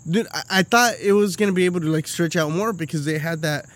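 High-voiced man telling a profane story. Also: fast talker. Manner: profane, animated storytelling with lots of laughing. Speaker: podcast co-host. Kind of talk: casual chat.

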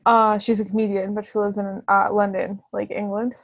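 A woman's voice: medium pitch, level tone, moderate pace, no echo. A woman in casual podcast chat, easygoing and hesitant, with many ums.

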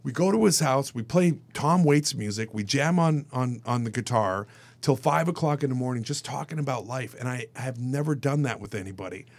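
A man, an actor guest on a radio show, telling stories in a casual, animated way and acting out the voices of the people in them. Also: mid-range voice, brisk. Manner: animated, acts out quoted voices, turns emotional. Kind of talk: casual storytelling in a radio interview.

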